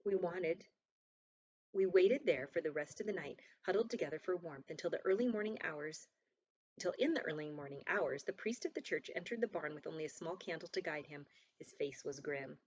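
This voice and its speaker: Woman reading a novel, low and muffled. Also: animated, normal speed, darkish tone, slight background noise. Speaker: audiobook narrator. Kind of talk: first-person novel reading. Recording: dull lo-fi recording.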